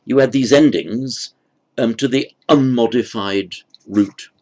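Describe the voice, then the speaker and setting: A man's voice: mid-range voice, slow, a little mellow. A man giving a grammar lecture, thinking aloud with fillers and self-corrections. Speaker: teacher.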